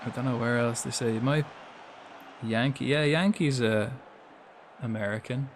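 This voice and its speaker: Chatty, swearing Irish streamer. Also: male voice, medium pitch, moderate pace, slight background noise. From Ireland. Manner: chatty, swears freely, reacts aloud to the game. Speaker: gaming streamer. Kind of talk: casual live-stream commentary.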